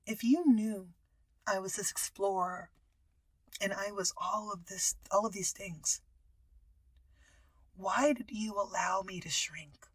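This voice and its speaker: A hushed, grieving woman speaks low and half-whispered as she finally says what she wanted, as a woman retells her story. The voice is close and dry, with no room behind it. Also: fairly even intonation, slow pace, pauses often, slightly rough, no room sound. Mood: hurt.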